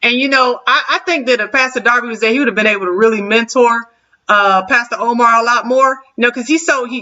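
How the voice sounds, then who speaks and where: A woman hosting a casual panel chat, animated and laughing often. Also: fairly high pitch, far from the mic, highs cut off. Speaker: host.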